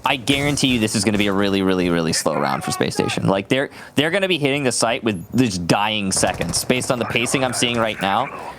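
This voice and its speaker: Man, esports caster, casual chatty commentary, lively pitch, clear background noise. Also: brisk. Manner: casual, chatty, with frequent fillers.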